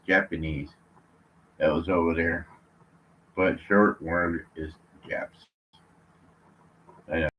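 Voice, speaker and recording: A man from California on a live vlog, chatting from his chair at home in a slow, rambling way, full of fillers and restarts. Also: deep voice, a little hiss or hum. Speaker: vlogger. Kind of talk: rambling live-stream chat. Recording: slightly muffled lo-fi audio.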